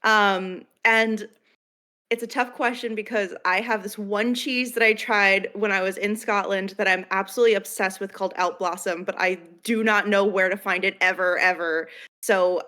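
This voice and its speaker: A woman's voice: medium pitch, fairly even intonation, moderate pace, sharp tone. A woman player introducing her character in a casual, rambling and thoughtful way. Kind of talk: casual chat.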